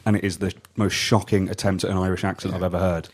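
A man's voice: deep voice, flat delivery, fast talker, breathy edge. A man co-hosting a podcast, chatting casually and enthusiastically. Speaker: podcast co-host. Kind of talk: casual chat.

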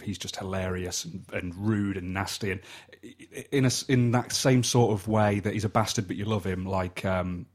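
A man's voice: sits low, slightly rough. A man co-hosting a podcast, chatting enthusiastically and casually about films, swearing now and then. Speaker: podcast co-host. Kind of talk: casual film chat.

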